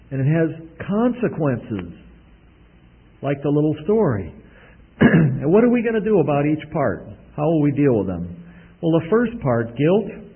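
A man preaching a sermon in a homey storytelling manner, often clearing his throat, with a husky voice. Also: medium pitch. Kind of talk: sermon with a told illustration. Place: church service. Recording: tinny phone-like recording.

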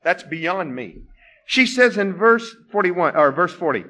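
A male preacher delivers a sermon in a fairly high, very animated voice. He presses his points with rhetorical questions. He rises to loud exclamations, then drops to a hush. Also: unhurried. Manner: emphatic, swings from loud exclamations to hushed tones.

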